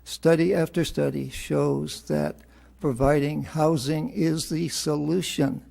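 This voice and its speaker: A man giving formal, measured public comment to a city council. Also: fairly high pitch, level tone, creaky, mellow. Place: council chamber.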